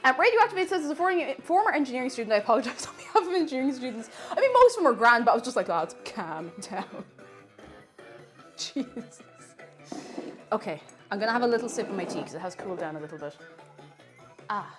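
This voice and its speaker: A young Irish woman streaming live while baking, chatting in a rambling, animated way, laughing often and reading out chat messages. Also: a little high, quick pace, faint music behind.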